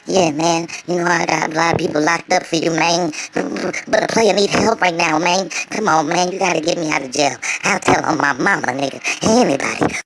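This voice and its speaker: A man's voice: on the high side, fairly even intonation, normal speed, vocal fry, fairly bright tone, a little hiss or hum, low-quality recording. A man voicing a male street snitch who begs a detective for help in a comedy skit, talking in a pleading, wheedling way.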